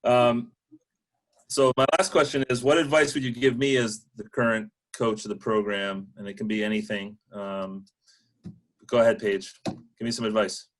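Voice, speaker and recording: A man who coaches the team, interviewing former players in a relaxed, joking way. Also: fairly low pitch, moderate pace. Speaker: head coach interviewing alumni. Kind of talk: casual interview.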